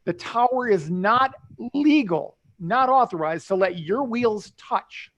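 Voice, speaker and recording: An older man, an airline pilot hosting a live talk show, calmly explaining things to nervous flyers with many restarts. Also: high-pitched, takes it slowly. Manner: earnest, reassuring, with many restarts.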